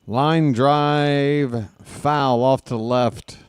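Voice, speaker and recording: A man's voice: mid-range voice, fairly even intonation, extremely slow, clear, resonant tone, no room sound, clean studio sound. A man doing casual, rambling play-by-play for a live stream, joking and snapping at the umpire. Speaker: fan play-by-play commentator.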